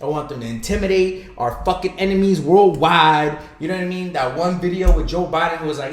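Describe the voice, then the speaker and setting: A man's voice: fairly high pitch, fairly quick, hardly any pauses, reverberant. A man co-hosting a podcast in casual, profane, heated rants. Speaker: podcast co-host.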